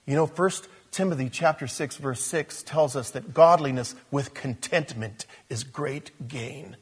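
This older pastor preaches with a medium-pitched, slightly rough voice, going a little slow yet hardly pausing at all. His sermon is animated, full of stories and jokes aimed at the congregation.

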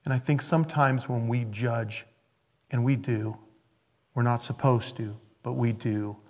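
A man preaching a sermon as a pastor, in a conversational way that swings between emphatic bursts and hushed, quiet asides. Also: mid-range voice, fairly even intonation, unhurried.

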